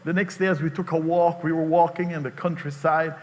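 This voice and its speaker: A man preaching a sermon as pastor, emphatic and rising to shouted call-and-response, in a church sanctuary. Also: on the high side, level tone, brisk. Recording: long reverb of a large hall.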